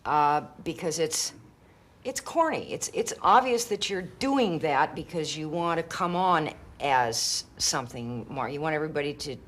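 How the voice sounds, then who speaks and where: Woman interviewee, deep voice, blunt, candid storyteller. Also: lively intonation, moderate pace. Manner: blunt, frank and joking.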